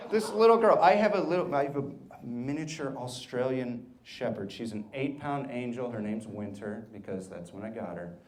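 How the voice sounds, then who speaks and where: A man's voice: medium pitch, animated, echoey room. A man in his thirties telling stand-up stories about his family on a club stage. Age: 30s. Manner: storytelling, acts out family members in quick bits. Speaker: stand-up comedian. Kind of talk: stand-up set. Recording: live club audience laughter. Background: laughing audience.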